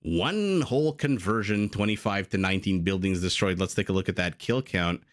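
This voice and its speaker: A game caster with a low-pitched voice commentates a live strategy game match at a moderate pace. In this live esports commentary he is chatty, drifts into rambling tangents and laughs often.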